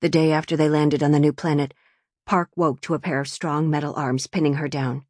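A woman's voice: low voice, flat delivery, brisk, darkish tone, dry recording. Woman narrating an audiobook in a dry studio. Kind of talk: scripted narration.

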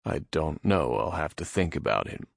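Man reading a fed-up sarcastic prisoner, low gravelly voice, dry close sound. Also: expressive, normal speed, no room sound, full character voice. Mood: irritated. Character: irritated, sarcastic young male prisoner.

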